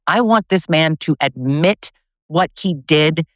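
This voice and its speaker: A woman's voice: low voice, takes it slowly, dry recording, clean studio sound. A woman hosting a podcast, asking long, earnest questions with frequent restarts. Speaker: podcast host. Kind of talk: podcast interview.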